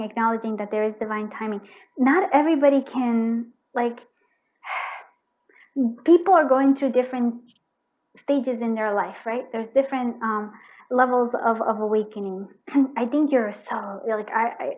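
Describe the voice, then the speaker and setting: A woman's voice: a little high, rough recording. A woman giving a pick-a-card tarot reading, effusive and emotional, with frequent restarts. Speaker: tarot reader.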